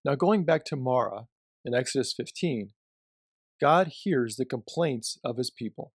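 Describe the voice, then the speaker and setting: Measured male Bible teacher, dry sound. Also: mid-range voice, no echo. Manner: measured, emphatic on key phrases. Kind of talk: scripture reading and devotional teaching.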